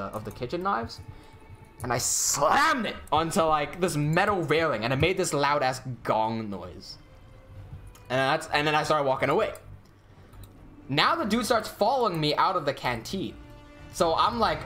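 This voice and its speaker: Animated young man telling a story. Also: measured pace, faint music behind. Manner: swears often, acts out quotes in a lower voice. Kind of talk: casual storytelling during a game stream.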